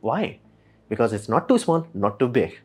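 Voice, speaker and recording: A man, casually explaining rocket industry news as a channel host and acting out quick imagined exchanges. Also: medium pitch, animated, dark tone, slightly rough. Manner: rapid, filler-heavy, acts out imagined dialogue.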